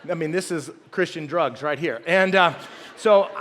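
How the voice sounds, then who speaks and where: A man's voice: a little high, moderate pace, fairly bright tone. A middle-aged man, preaching a sermon in a folksy, self-deprecating way and joking with the congregation. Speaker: pastor. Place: large church sanctuary. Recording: long hall reverb.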